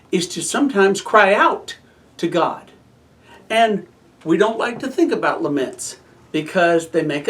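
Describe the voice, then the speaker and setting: A man giving a spoken devotional and prayer, telling stories with emphasis and then quieting to a hush for prayer. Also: sits high, far from the mic. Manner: storytelling, emphatic, drops to a soft hush in prayer.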